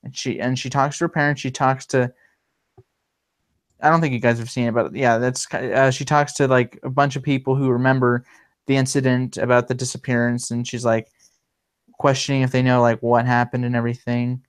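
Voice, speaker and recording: Rambling man with a smooth voice. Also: mid-range voice, level tone, brisk. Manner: rambling, many fillers and restarts. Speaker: livestream host. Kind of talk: casual livestream chat.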